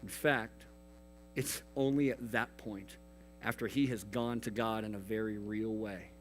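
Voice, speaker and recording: A man preaching a youth sermon in an earnest manner, swinging between hushed and emphatic. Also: fairly low pitch, fairly even intonation, a little slow, soft background music, low-quality recording. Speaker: youth pastor.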